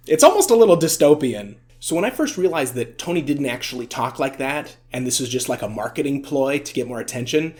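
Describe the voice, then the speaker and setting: A man's voice: mid-range voice, lively intonation, fairly quick, hardly any pauses, a little mellow. A man giving casual, chatty vlog commentary, amused and full of fillers. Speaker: video essay vlogger.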